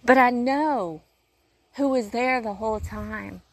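A woman's voice: a little high, slow pace. A woman who works in urgent care, talking in a casual faith-based monologue, earnest and rambling with a preachy streak, pacing as she talks. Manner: paces while talking.

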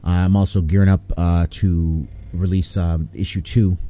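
Brief: American male guest, low mellow voice, lively pitch, rambling chat. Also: moderate pace. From United States. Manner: rambling, full of fillers, animated. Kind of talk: casual chat.

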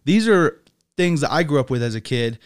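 On a podcast, a young male guest raised in England yet sounding American tells stories animatedly and laughs a lot in casual chat. His voice is fairly high, clear and resonant, moving a little fast.

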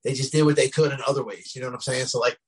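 Husky New man, middle-aged guest, rambling storyteller, medium pitch. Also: fairly even intonation, rapid-fire, poor audio. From New Jersey, US. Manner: rambling, frequent "you know what I mean" fillers. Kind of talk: casual storytelling.

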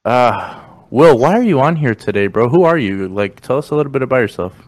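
A man's voice: medium pitch, animated, brisk, dry recording. A young man from Mexico hosting a podcast, talking loosely with slang, jokes and swearing. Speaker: podcast host. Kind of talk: casual chat.

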